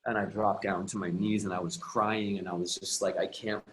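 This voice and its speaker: A man's voice: low voice, little pitch movement, fairly quick, slight background noise, poor audio. A man speaking as a guest coach who tells a personal story earnestly and reflectively, often restarting his sentences. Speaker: guest, emotional and relationship coach.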